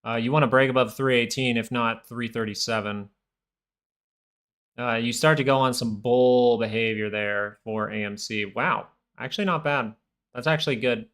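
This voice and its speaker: A man's voice: mid-range voice, steady tone, normal speed, a bit bright. A man hosting a live stock market stream, giving casual, rambling commentary full of restarts. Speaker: stock market livestream host.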